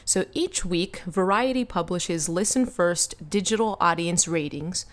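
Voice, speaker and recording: A woman co-hosting a fan podcast, chatting casually, giggly and gushing. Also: on the low side. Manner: giggly, gushing, talks fast. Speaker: podcast co-host.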